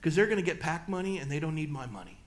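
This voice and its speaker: Emphatic man preaching in a church. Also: very animated. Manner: emphatic, rising to loud peaks, then dropping low and slow. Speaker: guest pastor speaker. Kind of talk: church talk and Q&A answer. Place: church hall.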